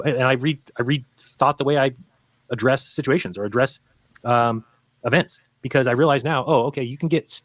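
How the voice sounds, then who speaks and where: A man who used to be a flat earther arguing in a debate, explaining insistently and acting out what other people say. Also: medium pitch, no room sound. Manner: rapid, insistent explaining with quoted voices. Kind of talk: debate argument played from a recorded stream.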